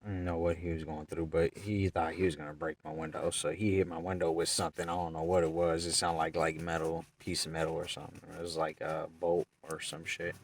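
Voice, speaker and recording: A man's voice: sits low, darkish tone, distant mic, slight background noise. A young man telling a rambling story in casual, profane slang as a vlogger.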